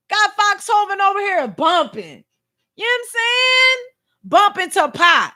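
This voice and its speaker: Woman livestreamer, very high voice, animated slangy news commentary to her followers. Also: unhurried. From Philadelphia. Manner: excitable, animated, slangy, talks to viewers.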